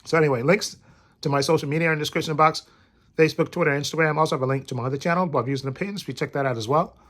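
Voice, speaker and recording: A man's voice: a little high, fairly even intonation, racing, fairly bright tone. A man with a cold, rambling casually in a vlog from bed and often repeating himself. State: recovering from a cold. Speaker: vlogger.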